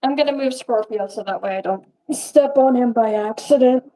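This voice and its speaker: Young woman streamer, high and mellow, rambling casual Q&A chat. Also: moderate pace, poor audio. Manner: rambling, chatty, laughs often. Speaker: puppeteer live streamer.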